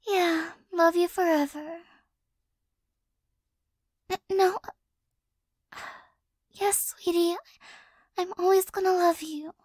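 A woman in a whispered role-play, talking softly and doting on a pet-like companion, often flustered, stammering and sighing, close to the microphone. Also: very high voice, steady tone, extremely slow, pauses often, no echo. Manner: soft, flustered, doting, with frequent stammers and sighs. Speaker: ASMR creator.

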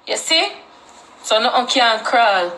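A fairly high-pitched woman with a Jamaican accent, rambling in loose, repetitive livestream chat full of Patois. A faint hiss of background noise sits under her voice. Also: expressive, takes it slowly, bright, forceful tone.

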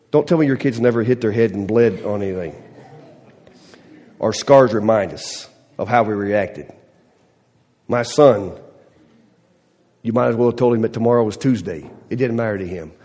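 A middle-aged man, a pastor, telling a story in a sermon with animated delivery, acting out voices, then easing into a soft, quiet prayer. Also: mid-range voice. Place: church sanctuary. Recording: long church reverb.

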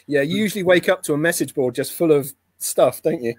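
Guy talking comics, kinda high voice, dry close sound, laughs a lot. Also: fairly quick, slightly rough, no room sound. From Scotland. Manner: chatty, laughs often, says "mate". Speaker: comic editor. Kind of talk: casual chat.

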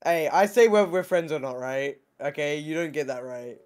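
Teen guy on a voice call, kinda high voice, loud and sweary, keeps laughing and yelling. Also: lively intonation, normal speed, clean tone. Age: teens. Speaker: friend in voice call. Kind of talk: casual gaming chat. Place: online voice call.

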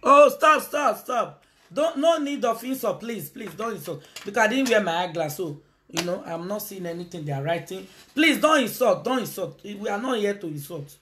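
Nigerian woman, live-stream host, very expressive pitch, chatty, mixes in Pidgin. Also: normal speed, slight background noise. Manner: animated, switches into Pidgin, calls out to viewers. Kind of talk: casual live-stream talk.

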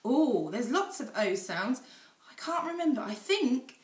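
English teacher lady doing phonics with little kids, high voice, slow and sing-songy, echoey room, a bit off mic. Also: sing-song, distant mic. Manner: sing-song, drawn-out sounding out of letter sounds. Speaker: infant school teacher. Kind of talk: phonics lesson for young children.

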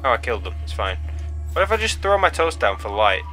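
A man's voice: medium pitch, fast talker, soft background music. A young man giving let's play commentary, yelping and pleading with the game as he plays. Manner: excitable, yelps and pleads at the game. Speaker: gaming channel host.

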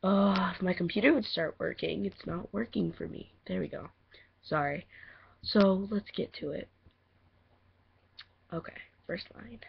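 Giggly rambly teen girl intro-ing her audition, gravelly voice, lo-fi mic. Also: on the low side, unhurried, pauses often. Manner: rambling, giggly, self-deprecating. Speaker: voice acting auditioner. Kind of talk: casual audition vlog. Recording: muffled lo-fi home mic.

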